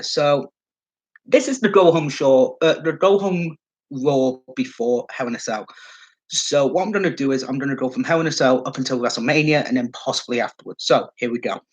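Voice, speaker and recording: A man's voice: a little high, low-quality recording. A man giving casual solo commentary as a wrestling fan vlogger, rambling and swearing, with lots of fillers.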